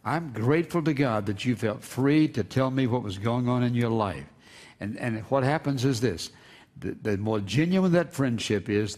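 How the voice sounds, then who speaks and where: A man's voice: mid-range voice, darkish tone. Earnest older man preaching a sermon. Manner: earnest, repeats key words for emphasis. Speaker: pastor.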